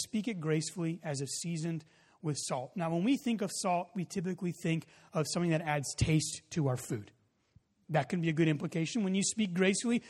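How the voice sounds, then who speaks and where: A man preaching a sermon, telling a story in a loose, casual way with many fillers, then building to loud emphasis. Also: fairly high pitch. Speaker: pastor. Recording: long hall reverb.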